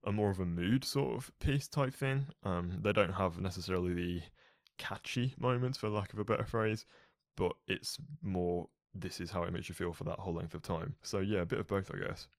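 A man's voice: low-pitched, normal speed, dry recording, clean studio sound. A man co-hosting a casual music podcast, speaking enthusiastically, swearing freely and leaning on filler words. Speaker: podcast co-host. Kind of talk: casual chat.

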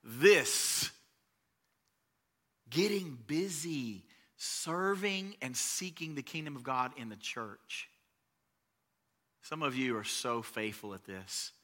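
A man preaching a sermon as pastor, talking in a conversational way and swelling louder on key phrases. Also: mid-range voice.

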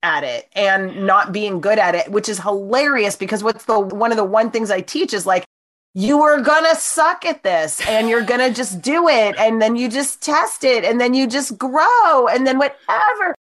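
A middle-aged woman co-hosting a casual chat, telling lively stories and acting out what people said. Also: on the high side, normal speed. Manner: animated storyteller, acts out quoted voices. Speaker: podcast co-host.

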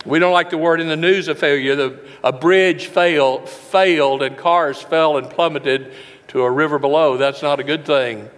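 A man preaching a sermon in a church, emphatic, slowing down to stress each verse. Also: fairly high pitch, fairly bright tone. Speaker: pastor. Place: church sanctuary. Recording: long reverb of a large hall.

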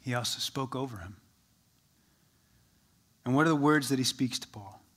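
A man preaching a sermon as pastor, rising with energy, then dropping to a soft, slow hush for quoted words. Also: medium pitch. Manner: shifts from lively to soft and slow when quoting Jesus.

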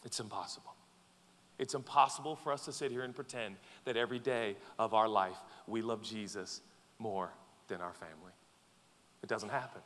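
A man preaching a sermon as pastor, swinging between loud pleading and quiet, intense passages. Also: on the low side, normal speed. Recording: long hall reverb.

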